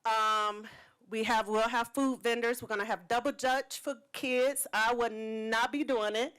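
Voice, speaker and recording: An event organizer speaks at public comment in a city council meeting, giving an emotional thank-you for the council's support of her community event. Her voice is on the high side, smooth, fairly bright, and unhurried, with fairly even intonation, earnest, heartfelt, and slightly tearful, near crying. The recording quality is low.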